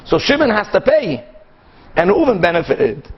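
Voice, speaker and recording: High-voiced animated rabbi teaching Talmud. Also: male voice, husky, dull audio. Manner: animated, acts out both sides of cases with quick back-and-forth. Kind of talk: Talmud class lecture.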